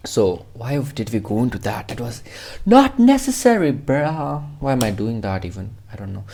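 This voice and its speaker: A man's voice: mid-range voice, moderate pace, creaky, warm tone, husky. A man teaching a casual coding tutorial, rambling and swearing freely as he jokes with himself. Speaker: programming tutor.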